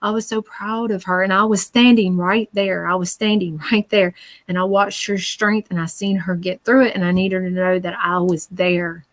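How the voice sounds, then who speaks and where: A woman's voice: high-pitched, very animated, measured pace, hardly any pauses, bright, forceful tone, pitched above the performer's own voice, heavily acted. A woman voicing a playful young man's spirit, jokey and upbeat, passing on messages in her reading. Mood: earnest.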